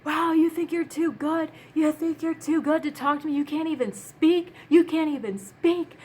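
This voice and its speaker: A woman voicing a pushy angry man who yells indignant, repeated questions at a stranger. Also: sits high, steady tone, moderate pace, a little hiss or hum, voice pushed up, lightly acted. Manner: indignant, yelling, repetitive.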